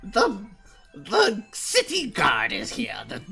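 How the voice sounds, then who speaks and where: A man voicing a loud, quarrelsome goblin stall owner who yells and hurls insults. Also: huge pitch swings, slow pace, vocal fry, slightly rough, faint music behind, exaggerated voice. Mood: eager. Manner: shrill, yelling, insulting.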